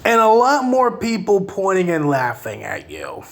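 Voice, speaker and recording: A man's voice: high-pitched, wildly swooping pitch, unhurried, gravelly. Taunting male live-stream commentator. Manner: taunting, sarcastic. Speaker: online commentator.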